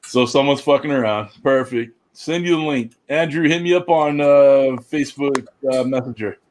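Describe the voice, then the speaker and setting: Casual male host, mid-pitched, cussing banter while wrangling guests. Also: moderate pace, a little hiss or hum. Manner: loose, swearing banter. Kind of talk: casual livestream chat.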